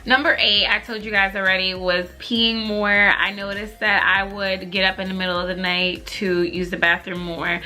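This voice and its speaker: A woman's voice: mid-range voice, pushed and bright. A young woman vlogger chatting casually to camera with lots of fillers, laughing as she tells stories.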